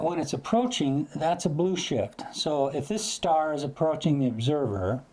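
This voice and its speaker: His voice is a little high with a darkish tone. The man teaches astrophotography in a relaxed, chatty lesson, occasionally making sound effects to illustrate what he means.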